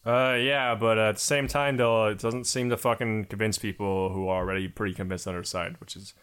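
A man's voice: fairly low pitch, fairly even intonation, brisk, fairly bright tone, smooth. A young man co-hosting a podcast, talking in a rambling, heavily sworn casual rant full of fillers. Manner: heavy swearing, rambling, filler-laden. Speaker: podcast co-host. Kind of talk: casual chat.

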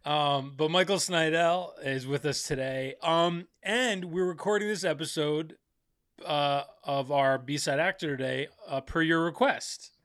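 A man's voice: a little high, measured pace, a bit bright, no room sound. Male podcast host, casual and rambling, stumbles through his lines, dry close mic. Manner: rambling, full of fillers and restarts.

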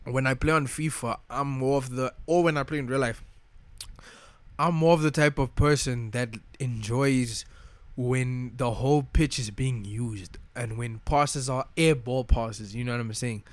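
A man's voice: mid-range voice, fairly even intonation, measured pace, no echo. A young man giving a casual, slangy rant as a football fan vlogger, frustrated and repeating himself.

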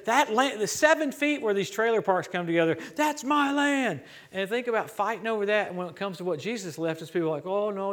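Fairly high-voiced preacher from Louisiana. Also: male voice. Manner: storytelling, animated preaching with quoted dialogue. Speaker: traveling preacher. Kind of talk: sermon. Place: church.

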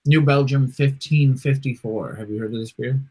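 A man's voice: mid-range voice, moderate pace, very noisy. A man co-hosting a casual podcast chat, making dry, teasing remarks. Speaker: podcast co-host.

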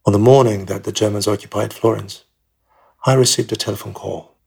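A man reading a first-person memoir as an audiobook in a measured, plain storytelling manner. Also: lowish voice, steady tone, creaky, darkish tone, breathy edge. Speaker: memoir narrator.

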